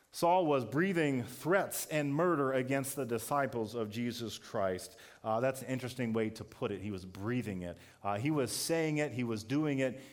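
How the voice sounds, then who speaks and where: A pastor giving a sermon, telling a story in a conversational way that builds to emphatic peaks. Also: male voice, mid-range voice.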